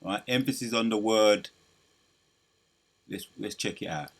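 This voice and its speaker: A man's voice: fairly low pitch, a little slow, fairly bright tone, slight background noise. A man giving preaching commentary over news clips, emphatic and quoting scripture aloud. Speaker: religious commentator.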